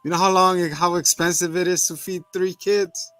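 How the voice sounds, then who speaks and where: A man casually recapping a TV episode, acting out characters in sudden high voices, laughing and swearing often. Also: moderate pace, no room sound, faint music behind. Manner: animated, acts out characters in bursts of high voices. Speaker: podcast co-host recapping a TV episode. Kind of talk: casual chat.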